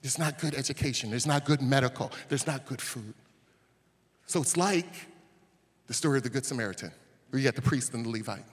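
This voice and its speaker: A male pastor preaching a sermon, telling stories and rising to shouts at the peaks. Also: mid-range voice, a little fast, long pauses, slightly rough. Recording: long hall reverb.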